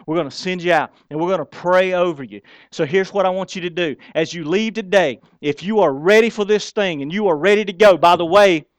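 A man's voice: high voice, no room sound. A man who is a pastor preaching a sermon in a folksy, emphatic way with casual slang.

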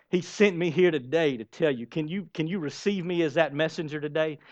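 Male pastor, fairly high voice, emphatic sermon delivery, dull lo-fi recording. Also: normal speed, few pauses. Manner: emphatic, storytelling with repeated phrases and restarts.

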